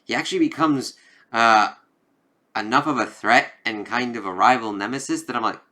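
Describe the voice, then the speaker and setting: A man's voice: mid-range voice, moderate pace, bright, forceful tone. A man casually talking through a comic book review, rambling and swearing freely as he retells the story. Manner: profane, rambling retelling full of fillers.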